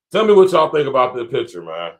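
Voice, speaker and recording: A man with a Columbus, Ohio accent hosting a podcast, talking in a casual, laid-back way to his viewers and chuckling often. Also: mid-range voice. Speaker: podcast host. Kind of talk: casual commentary to a live audience.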